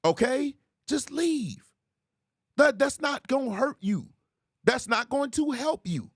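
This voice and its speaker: A man hosts a commentary show with a high, very lively voice that leaps up when he mocks. He laughs often and keeps a teasing, animated manner. The sound is dry and close. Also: slow pace, no echo. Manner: swings into high squeals when ridiculing. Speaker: host. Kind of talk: commentary on viral clips.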